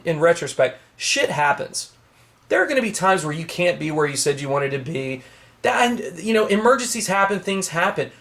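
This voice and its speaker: High-voiced man on a heated rant. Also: a bit bright. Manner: heated, emphatic ranting with swearing. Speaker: knife collector vlogger. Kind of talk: ranting to camera. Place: small home office.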